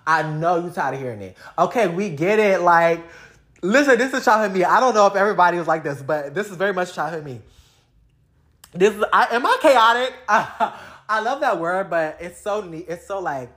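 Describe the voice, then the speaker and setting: A woman's voice: fairly low pitch, animated, moderate pace, a bit bright. A woman ranting casually to camera, blunt and profane, with lots of slang, addressing her viewers directly. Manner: talks straight to viewers, addressing them. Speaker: vlogger.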